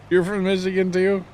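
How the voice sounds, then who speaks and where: A man's voice: mid-range voice, a bit bright. Chatty man streaming. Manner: chatty, self-teasing, laughs often. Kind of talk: casual chat with viewers while gaming.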